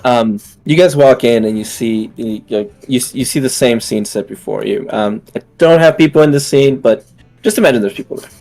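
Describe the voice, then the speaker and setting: A young man as game master narrating a scene, halting and full of fillers. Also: mid-range voice, a little mellow, faint music behind. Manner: hesitant, many fillers and restarts.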